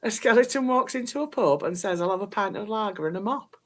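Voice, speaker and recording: Dry-witted radio guest with deadpan jokes. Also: mid-range voice, quick pace. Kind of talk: casual chat with dad jokes.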